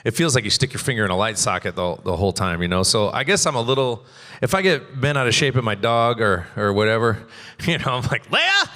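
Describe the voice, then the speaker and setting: A quick-talking man with a bright, forceful voice and a slightly low pitch tells rambling, animated stories on a convention stage. His voice carries the long reverb of a large hall. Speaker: voice actor on a convention panel. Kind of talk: casual panel talk.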